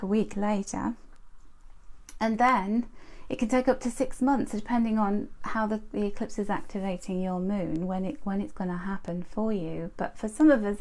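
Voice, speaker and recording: A middle-aged woman giving a chatty live angel card reading, greeting viewers by name with animated asides. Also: on the high side.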